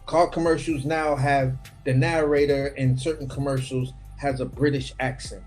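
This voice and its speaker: An animated man cohosting a casual boxing live stream, cursing freely and dropping into quick impressions. His voice sits at an ordinary middle pitch. Faint music plays behind him. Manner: animated, profane, slips into impressions. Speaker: boxing commentary co-host.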